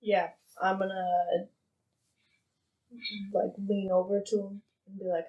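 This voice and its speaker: A woman plays a tabletop game, tossing off quick, joking one-liners in a middle-pitched voice. She sits some distance from the microphone, so her voice sounds far off. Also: little pitch movement, warm tone. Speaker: player. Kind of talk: casual tabletop game play.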